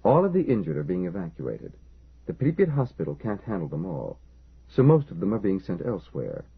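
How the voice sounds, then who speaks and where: A man voicing a sober male official reporting on casualties in a measured way. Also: low-pitched, wildly swooping pitch, husky, exaggerated voice. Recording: lo-fi phone-like audio.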